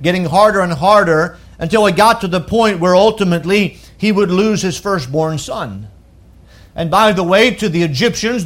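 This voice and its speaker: Man, preacher, high voice, emphatic sermon, rhetorical questions, slows on key phrases.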